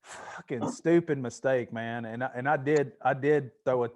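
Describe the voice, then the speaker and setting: A man hosting a podcast, telling stories in a relaxed way and swearing often in casual chat. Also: medium pitch, moderate pace. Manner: laid-back storytelling with frequent swearing. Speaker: podcast host.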